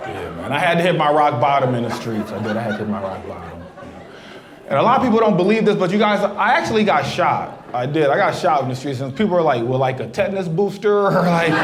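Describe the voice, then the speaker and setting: Male stand-up comic, loud, profane storyteller, lively voice over crowd laughter. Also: fairly high pitch. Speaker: stand-up comedian. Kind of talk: stand-up comedy set. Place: outdoor brewery stage before a laughing crowd. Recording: roomy live sound with crowd laughter.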